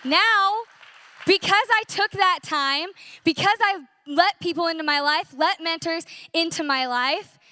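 A woman's voice: very high-pitched, a little slow, sharp tone, dry recording. A young woman in her twenties sharing an earnest, emotional personal testimony at a church conference, telling her story with animation.

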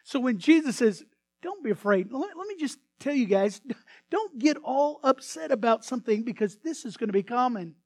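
Animated preaching pastor man. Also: extremely high pitch, moderate pace, dry recording. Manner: animated preaching, swinging from hushed to loud bursts. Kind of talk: sermon.

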